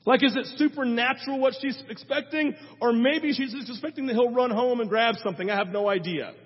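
A man preaching a sermon as pastor, in a conversational, animated way, often checking in with the congregation with a quick rhetorical aside. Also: very high-pitched, slightly rough. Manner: conversational, animated, tags lines with "right?". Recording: dull sermon recording in a reverberant hall.

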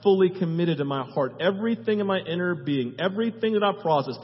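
A man with a high voice preaching a sermon, stacking long repeated lists and checking in with "right?". His voice rings with a long hall reverb and sounds dull and muffled. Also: lively intonation, fast. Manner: emphatic, repeats lists, tags phrases with "right?". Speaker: pastor.

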